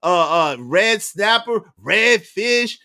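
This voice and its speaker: A man's voice: sits high, animated, takes it slowly, pushed and bright, voice pushed up, heavily acted. A man mimicking a whiny spoiled little boy. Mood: whiny mocking. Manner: whining, mocking imitation. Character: whiny spoiled young boy complaining to his mother.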